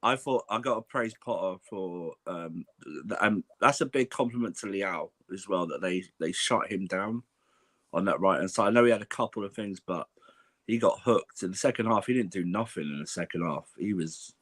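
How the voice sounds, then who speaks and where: A man's voice: sits low, moderate pace, fairly bright tone, no room sound. Ill man chatting about football. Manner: chatty, laughing, asks the group questions. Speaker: panelist. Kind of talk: casual chat.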